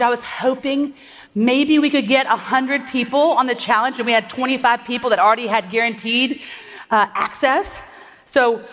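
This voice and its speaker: High-pitched lady talking fast on a conference stage, a bit breathless, lots of echo in the hall. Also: fairly bright tone. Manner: fast, upbeat, rallies the audience with questions. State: slightly out of breath. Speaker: conference speaker. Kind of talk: energetic stage presentation. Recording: long hall reverb.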